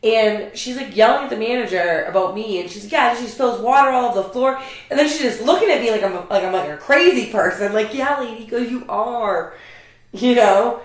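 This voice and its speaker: A woman co-hosting a casual podcast, telling lively stories about customers, swearing and laughing as she talks. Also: a little high, brisk. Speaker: podcast co-host. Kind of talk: casual storytelling chat. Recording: very echoey room.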